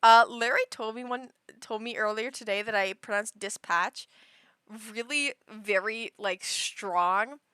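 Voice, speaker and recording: A young woman streams and chats with a bright, forceful voice, pitched a little high. She rambles, trips over her words and restarts often. The sound is dry and close. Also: unhurried, clear, resonant tone, no room sound. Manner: rambling, chatty, many fillers and restarts. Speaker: livestreamer. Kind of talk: casual chat.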